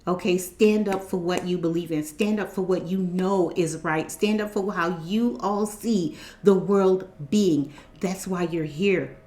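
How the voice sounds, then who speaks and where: A woman's voice: lowish voice, a little slow, few pauses, warm tone, roomy sound. A woman in her fifties giving a casual, emphatic spiritual pep talk to her viewers, repeating her points. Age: 50s. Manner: repetitive, emphatic, exhorting. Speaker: spiritual channel host.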